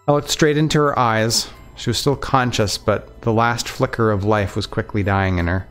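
Low-voiced man reading a story aloud. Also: normal speed, few pauses, soft background music. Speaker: let's play narrator. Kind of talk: reading a visual novel aloud.

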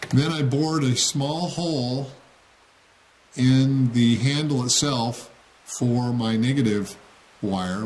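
A man's voice: on the low side, a little hiss or hum. Plain-spoken man explaining a workshop build. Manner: plain-spoken, frequent "okay?" check-ins. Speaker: model railroad hobbyist demonstrating. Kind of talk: casual how-to tutorial.

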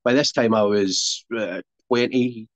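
On a casual podcast interview, a man from Scotland in his forties, a wrestler, tells long stories loosely, frequently starting sentences over. He speaks on the low side at a moderate pace. The recording is dry, dull and lo-fi, without echo.

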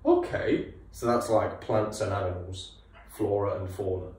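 A man hosting a casual music reaction video, animated and enthusiastic. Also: on the low side, measured pace, very echoey, recorded from a distance. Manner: animated, laughing, enthusiastic, swears.

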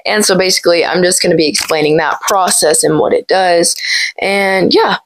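A young woman talking casually through a phone tutorial, hoarse from being sick, chatty and rambling with lots of fillers. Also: lowish voice, normal speed, slight background noise, low-quality recording. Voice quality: gravelly. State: hoarse from illness. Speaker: tech video creator. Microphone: small plug-in microphone.

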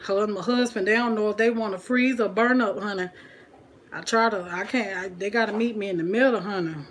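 A woman talking to viewers in a relaxed way while she cooks in her home kitchen, with frying sizzling behind her. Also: medium pitch, fairly quick, a little hiss or hum. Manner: chatty, talks to viewers and family at home. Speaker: cooking vlogger. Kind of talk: casual cooking vlog.

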